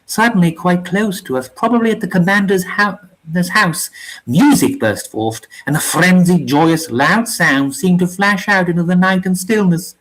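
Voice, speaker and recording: A reader narrating a grim war novella aloud in a measured, somber way. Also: mid-range voice, fairly bright tone, rough recording. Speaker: reader of a story channel.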